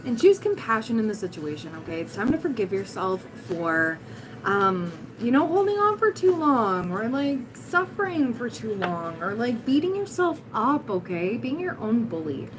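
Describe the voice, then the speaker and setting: Raspy, hoarse woman doing a tarot livestream. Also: mid-range voice, big pitch swings, moderate pace, background noise. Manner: blunt, encouraging, giggly asides. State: hoarse, voice recovering. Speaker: tarot reader, livestream host. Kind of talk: casual livestream tarot reading.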